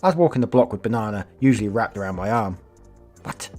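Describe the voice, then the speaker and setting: A man's voice: fairly low pitch, expressive, fast talker, a little mellow, soft background music. A man reading online stories aloud as a YouTuber, casual, swearing, breaking off to react and comment. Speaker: storytelling YouTuber.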